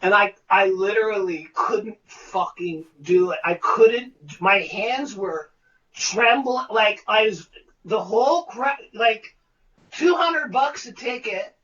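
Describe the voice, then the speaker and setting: A man, a guest, telling profane, animated stories in casual conversation over a video call. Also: high voice, slow pace, distant mic, dull audio. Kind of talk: casual storytelling.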